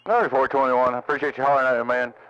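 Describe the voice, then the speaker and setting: A man's voice: medium pitch, steady tone, rapid-fire, very noisy. A man, a CB radio operator greeting callers with call signs and holiday wishes. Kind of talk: radio chat. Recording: lo-fi CB radio audio.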